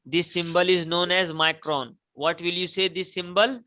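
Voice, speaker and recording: A man's voice: high voice, steady tone, normal speed, pushed and bright, rough recording. A male teacher, giving a classroom lecture, repeating key points and asking students to repeat after him. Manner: repetitive, emphatic, prompts students to repeat.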